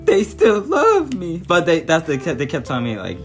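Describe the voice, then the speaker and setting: A man telling a story among friends in a casual chat, animated, swearing often and laughing. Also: medium pitch, normal speed, few pauses, music in the background. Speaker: storyteller on a podcast.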